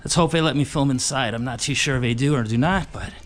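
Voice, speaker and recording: An easygoing male travel vlogger with a voice of middling pitch. He talks in a loose, chatty way and often slips in a small laugh. He switches between talking straight to the camera and narrating over his clips. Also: fast, slight background noise.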